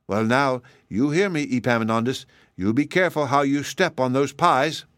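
A man voicing an exasperated mother who scolds her son loudly and emphatically in a storybook reading. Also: medium pitch, moderate pace, no room sound, clean studio sound, close to an everyday voice. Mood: scolding.

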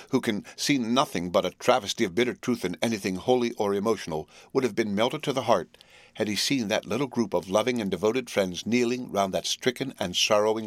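A man narrating a classic novel in a measured, solemn reading voice, close to the mic. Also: fairly low pitch, dry recording. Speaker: audiobook narrator.

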